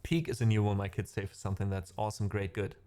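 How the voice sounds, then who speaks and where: This musician, a middle-aged man with a German accent, talks fast in a low, dark voice with fairly even intonation. He rambles casually to his stream viewers, responding to live chat and filling his speech with fillers.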